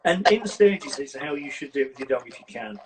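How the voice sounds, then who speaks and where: A man, a dog trainer, giving lively, casual advice on a video call. He acts out scenes and keeps checking in with "right?". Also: medium pitch, a little fast. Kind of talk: casual advice on a live stream. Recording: distant mic with loud noise.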